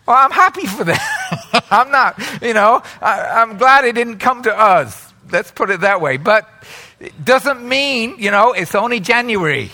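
A man's voice: very high voice, very animated, unhurried, sharp tone. A man preaching a sermon in a chatty way, asking the congregation questions and laughing often. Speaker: pastor.

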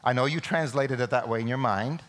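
A man preaching a Sunday sermon in a church, emphatic, with sudden loud peaks. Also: mid-range voice, fairly quick. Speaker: pastor.

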